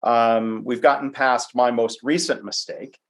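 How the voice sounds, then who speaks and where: A man's voice: mid-range voice, fairly even intonation, a little slow, vocal fry. A man hosting an interview podcast, chatty and self-deprecating, with frequent fillers. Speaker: podcast host. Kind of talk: conversational interview.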